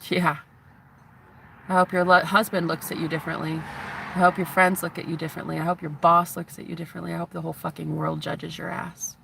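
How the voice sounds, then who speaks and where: A woman's voice: fairly low pitch, flat delivery, fairly quick, creaky, bright, forceful tone, slight background noise. A woman in her thirties, a spiritual vlogger, giving a heated, profane, taunting rant to the camera. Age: 30s.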